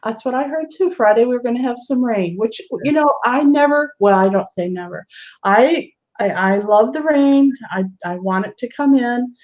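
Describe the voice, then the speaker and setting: A woman's voice: on the high side, moderate pace, darkish tone. A woman hosting a live online show, chatting casually and laughing often. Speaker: host. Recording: dull lo-fi web stream audio.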